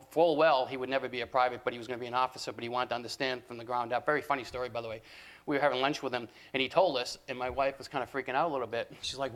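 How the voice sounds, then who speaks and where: Older man, guest speaker, rambling conversational storytelling, restarts and asides, mid-pitched voice. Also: fairly bright tone. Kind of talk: talk to students.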